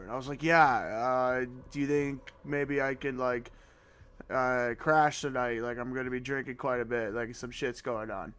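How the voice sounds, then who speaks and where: A man's voice: medium pitch, steady tone, normal speed, fairly bright tone, clear, resonant tone. Rambling young man telling a story. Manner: rambling, swearing, many fillers and restarts. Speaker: podcast host. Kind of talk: casual storytelling chat.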